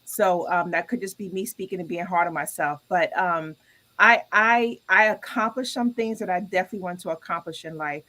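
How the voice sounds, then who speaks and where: An animated woman co-host tells stories in casual chat. She is candid and self-critical, with lively turns of phrase. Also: fairly low pitch, a little fast, low-quality recording.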